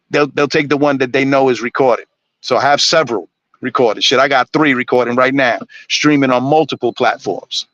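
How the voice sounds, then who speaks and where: A man's voice: medium pitch, fairly bright tone, dry recording, muffled recording. A man ranting on a live stream, blunt and preachy, swearing constantly. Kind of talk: profane ranting monologue.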